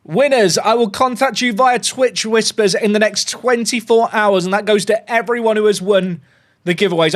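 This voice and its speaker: Animated man chatting on a livestream. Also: sits high. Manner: excitable, chatty, rambling. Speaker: gaming livestreamer. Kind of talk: casual livestream chat.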